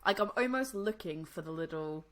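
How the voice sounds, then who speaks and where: A woman's voice: on the low side, animated, normal speed, a bit bright. A woman from the US co-hosting a podcast, chatting casually and laughing often while tasting drinks. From United States. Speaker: podcast co-host.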